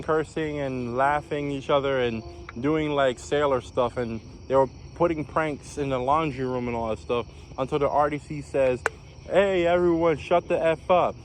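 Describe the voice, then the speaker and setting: A man's voice: on the high side, slight background noise. A young man casually telling a personal story as a vlogger, rambling and repeating phrases.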